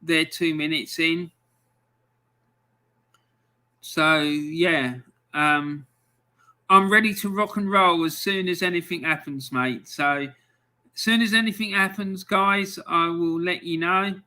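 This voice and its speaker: A man's voice: a little high, steady tone, measured pace, bright, forceful tone. An Englishman hosting a live football score stream, chatting casually and reading out fixtures with frequent ums.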